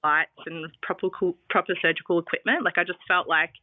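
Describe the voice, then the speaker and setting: A woman's voice: lowish voice, steady tone, a little fast, dry recording. A woman, telling her birth story in a casual podcast interview, full of fillers. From Australia. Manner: chatty, many fillers like "um" and "like". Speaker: guest sharing birth story. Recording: dry, phone-like sound.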